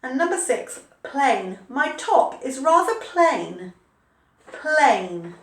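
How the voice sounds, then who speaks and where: A high-voiced woman teaches spelling to learners, taking her time and spelling words out letter by letter. She is heard in an echoey room. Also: animated. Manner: patient, explains slowly, spells words out letter by letter. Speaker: English teacher. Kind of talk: online English spelling lesson.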